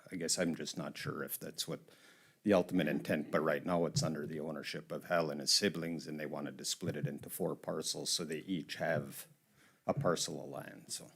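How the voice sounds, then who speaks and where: Very deep gravelly husky man. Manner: plain explanatory, fillers like you know. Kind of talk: public meeting explanation.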